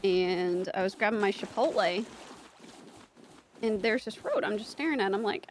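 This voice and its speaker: A chatty woman telling a story to friends on a stream. Her voice sits mid-pitch over a faint background hiss. She talks in an easy, animated way. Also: moderate pace, long pauses. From Houston area, United States. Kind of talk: casual storytelling chat.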